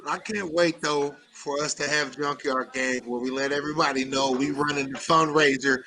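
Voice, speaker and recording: A man's voice: fairly high pitch, fairly even intonation, normal speed, over a noisy crowd. A man joking in casual banter, laughing often between lines. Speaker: podcast co-host.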